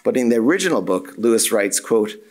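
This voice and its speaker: A male academic reading a prepared conference paper in a measured, formal way, with the odd "uh" and self-correction. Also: lowish voice, animated, darkish tone. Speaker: academic lecturer. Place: university symposium room.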